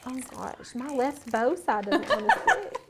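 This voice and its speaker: A woman's voice: high voice, wildly swooping pitch, a little slow, noisy background. A woman co-hosting a crafting livestream, chatting casually and laughing a lot while she works. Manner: giggly, chatty, lots of "like".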